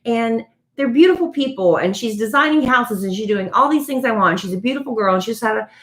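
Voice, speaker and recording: A woman's voice: on the high side, animated, fast. A woman co-hosting a podcast, chatting casually and telling celebrity gossip like a story. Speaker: podcast co-host. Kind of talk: casual chat.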